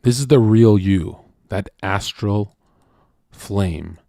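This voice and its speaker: A man's voice: slow pace, gravelly, dry recording, studio quality. Brash profane man ranting to chat. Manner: brash, profane, swings from loud shouting to low murmuring. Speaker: streamer. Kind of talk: livestream rant to chat.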